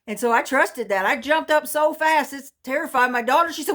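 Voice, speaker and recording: A woman's voice: high voice, a little fast, a bit bright. A mother earnestly telling a personal faith testimony in a folksy storytelling way.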